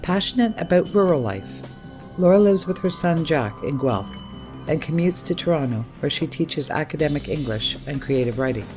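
A man's voice: a little high, lively intonation, moderate pace, over music. A man hosting a reading series, giving formal, admiring introductions of the readers. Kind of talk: scripted introductions.

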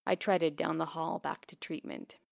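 A woman narrating a first-person memoir in a quiet, measured, intimate way. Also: sits low, steady tone, vocal fry, dry recording, clean studio sound.

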